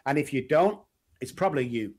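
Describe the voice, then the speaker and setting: A man's voice: medium pitch, a little fast, breathy edge. A middle-aged man with a Manchester accent, telling stories as an interview guest and acting out the people he quotes. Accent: Manchester English. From England. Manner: animated storyteller, acts out quoted voices. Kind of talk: casual interview chat.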